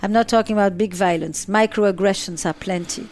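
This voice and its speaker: A woman's voice: medium pitch, brisk, a little mellow, slight background noise. A middle-aged woman psychotherapist answering interview questions, emphatic and given to repeating phrases for effect.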